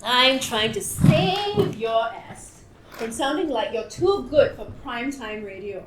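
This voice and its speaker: A brash, needling radio host, played by an actress who teases with relish. Her voice runs high and lively. The room echoes, with faint noise. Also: slow. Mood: combative. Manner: brash, teasing, loud laughter. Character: brash adult woman radio morning-show host Val. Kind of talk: stage play performance.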